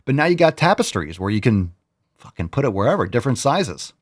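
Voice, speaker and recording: A man's voice: mid-range voice, very animated, fairly quick. A man hosting a casual livestream, hyped and rambling, who swears casually. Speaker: host.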